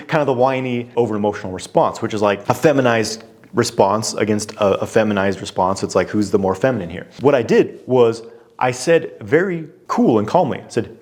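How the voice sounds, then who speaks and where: This relationship coach has a mid-range voice and talks a little fast. Looking straight into the camera, he keeps it conversational, peppering the listener with pointed questions and plenty of fillers.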